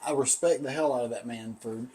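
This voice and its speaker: A man's voice: mid-range voice, fairly quick, dark tone, breathy edge. A man with a Southern accent, co-hosting a casual tasting chat and telling rambling stories with frequent laughter. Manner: rambling storyteller, laughs often. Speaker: podcast co-host.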